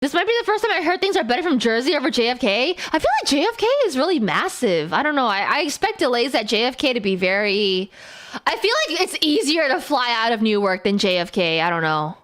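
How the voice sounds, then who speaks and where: A woman streamer in casual live-stream chat who talks in a giggly, animated way and laughs often. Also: a little high, fairly quick.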